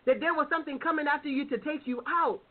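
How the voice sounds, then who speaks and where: A woman preacher doing God, patient but firm, asking a run of rhetorical questions. High voice, tinny phone line. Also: fast talker, close to an everyday voice. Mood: pleading.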